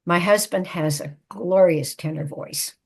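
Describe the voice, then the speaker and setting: An older woman, both psychotherapist and author, tells a personal family story in a measured, reflective manner. Her voice is fairly low and slightly rough.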